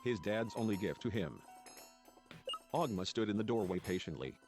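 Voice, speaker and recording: A man's voice: fairly low pitch, animated, moderate pace, over music. A man reading game dialogue and narration aloud in a let's play.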